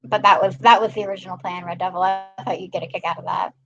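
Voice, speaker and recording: A woman's voice: fairly low pitch, steady tone, fast talker, gravelly, fairly bright tone, highs cut off, soft background music. A woman hosting a casual live stream, chatting and greeting viewers by name. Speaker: live-stream host filling in.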